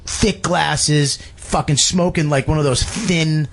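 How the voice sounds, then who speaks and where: A man's voice: on the high side, steady tone, slow pace. A man, a comedian, telling a story on a radio talk show, swearing a lot, laughing, and acting out the people he quotes. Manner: profane, laughing, acts out quoted voices. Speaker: guest comedian.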